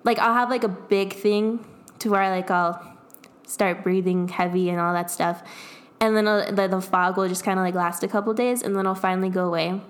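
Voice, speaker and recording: A woman's voice: mid-range voice, steady tone, moderate pace. A young adult woman in casual chat, telling a personal story in a rambling way, full of fillers and laughs. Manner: rambling, lots of "like", laughs often.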